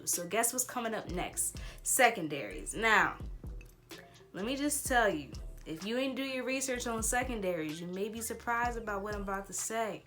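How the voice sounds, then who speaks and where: A young woman vlogger giving casual, animated advice, chatty and full of slang. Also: mid-range voice.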